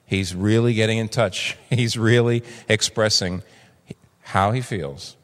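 A man in his sixties preaching a sermon, animated and acting out the voices he quotes. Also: a little slow. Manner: animated, acts out quoted voices with big pitch jumps. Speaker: pastor. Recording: long reverb of a large hall.

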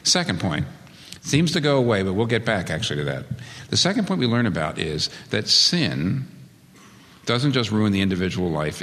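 A man preaching a sermon as pastor, his voice leaping up for emphasis and dropping low to make a point. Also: fairly bright tone, in a large hall.

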